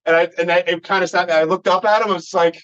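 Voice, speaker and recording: A man's voice: high-pitched, steady tone, quick pace, a bit bright. A man, a podcast guest swearing freely as he tells a rambling story in casual conversation. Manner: profane, rambling anecdote-telling. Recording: dull lo-fi recording.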